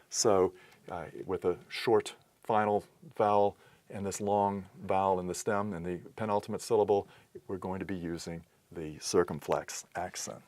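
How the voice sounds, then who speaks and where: A man giving a patient recorded lesson on accenting Greek words, explaining step by step with pauses and restarts. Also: on the low side, darkish tone, dry recording. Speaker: teacher.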